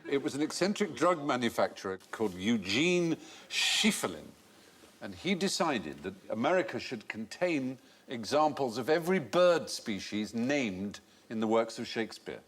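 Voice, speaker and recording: A middle-aged man hosting a comedy quiz show, explaining trivia in an articulate, measured way. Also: mid-range voice, sing-song, a bit bright, husky.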